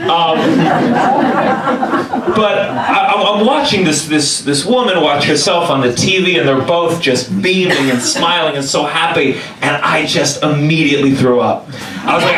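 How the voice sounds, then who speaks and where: A male comedian telling a story on stage, animated and exaggerated, sometimes shouting. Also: on the high side, moderate pace. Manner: animated, exaggerated quoted voices, bursts of shouting. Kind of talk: stand-up storytelling. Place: club stage with a laughing audience. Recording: echoey room, mic from a distance, crowd laughter.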